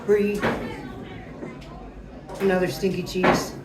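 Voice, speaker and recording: A woman performing live improv comedy, slow and deadpan. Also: on the low side, far from the mic, heavy background noise. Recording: roomy bar recording. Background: audience crowd.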